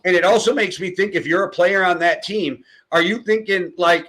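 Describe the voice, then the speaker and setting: Midwest american dude, bright kinda high voice, cusses a lot, blunt storyteller. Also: male voice, moderate pace, few pauses. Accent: American Upper Midwest. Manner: blunt, heavy swearing, storytelling. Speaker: podcast co-host. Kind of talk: casual sports chat.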